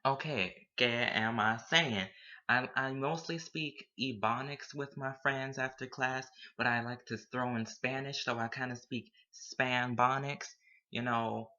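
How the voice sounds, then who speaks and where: A man's voice: mid-range voice, steady tone, unhurried, pushed and bright. A young man, a student, talking casually to camera and playfully dropping Spanish words into his English. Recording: dull lo-fi recording.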